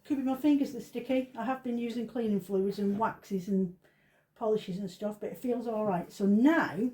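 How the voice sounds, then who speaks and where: A woman's voice: mid-range voice, moderate pace, dark tone, low-quality recording. A woman running a craft demonstration, chatting through each step in a casual, self-deprecating way. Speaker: craft shop owner demonstrating.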